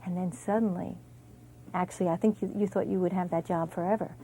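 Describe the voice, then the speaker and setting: A woman's voice: fairly low pitch, fairly even intonation, a little fast, warm tone, slight background noise, low-quality recording. A woman hosting an interview, asking conversational questions and steering the talk. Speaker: interviewer, host.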